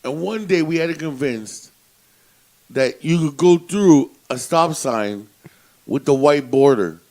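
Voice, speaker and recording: A man's voice: fairly high pitch, lively intonation, takes it slowly, mellow, rough recording. A man co-hosting a podcast, telling a prank story in casual chat, swearing and laughing as he talks. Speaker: podcast co-host.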